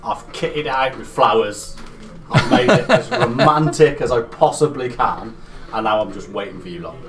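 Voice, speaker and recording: A man playing a tabletop role-playing game, talking excitedly and laughing with the group. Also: medium pitch, moderate pace, over loud music. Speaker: player. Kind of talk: casual tabletop game play.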